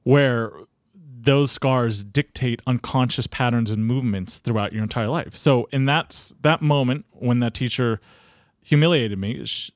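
A man in his thirties tells his story as a podcast guest. His pitch sits in the middle, but it leaps up when he acts out what others said. The sound is dry and close. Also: no room sound. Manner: animated, acts out quoted dialogue with jumps in pitch. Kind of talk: conversational storytelling.

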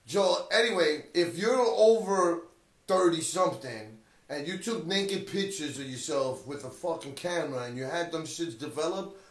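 A man in his thirties co-hosting a casual podcast chat, loose, joking and profane. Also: fairly high pitch. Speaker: podcast co-host. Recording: echoey room with faint hiss.

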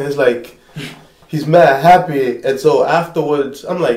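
Male pastor-host, mid pitch, lively storyteller, roomy sound. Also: moderate pace. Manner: animated storyteller, acts out quoted people. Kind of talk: casual conversation.

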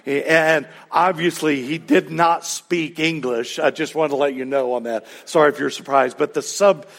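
A pastor preaching a sermon in a conversational way, with asides and questions to the congregation. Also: male voice, fairly high pitch, steady tone, moderate pace, creaky, fairly bright tone.

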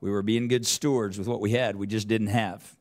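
This middle-aged preacher talks a little fast with fairly even intonation as he shares a personal story in his sermon. His telling is rambling and full of restarts, and his pitch and volume climb with rising intensity as it builds.

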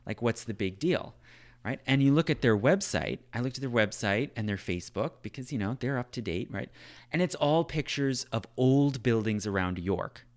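Speaking at normal speed, a man with a medium-pitched, slightly mellow voice and lively intonation runs through history conversationally. He rambles loosely, filling gaps with frequent "like" and "right?".

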